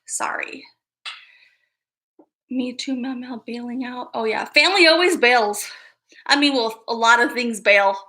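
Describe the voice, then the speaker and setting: A woman's voice: on the high side, unhurried, long pauses, pushed and bright. A woman hosting a casual livestream, chatting straight to her viewers in a hyper, self-amused way. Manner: talks straight to viewers, often laughing at herself. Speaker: livestream host. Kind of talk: casual live-chat talk.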